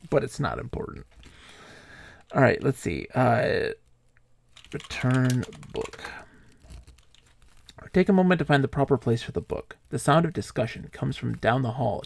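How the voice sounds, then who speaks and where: Male streamer, husky voice, rambling animated chat, keyboard typing nearby. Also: medium pitch, dry recording. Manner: rambling, animated storytelling with laughs and fillers. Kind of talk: live-stream playthrough of a text adventure, reading aloud and chatting.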